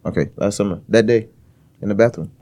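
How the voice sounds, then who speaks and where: A man's voice: lowish voice, a little fast, mellow. A man co-hosting a casual podcast chat, blunt and argumentative, swearing casually. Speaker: podcast co-host.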